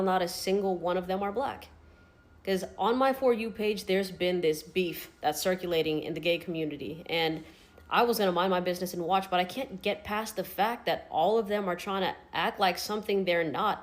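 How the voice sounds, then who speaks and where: A woman ranting on social media, blunt and exasperated, swearing freely. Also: medium pitch. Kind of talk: casual social media rant.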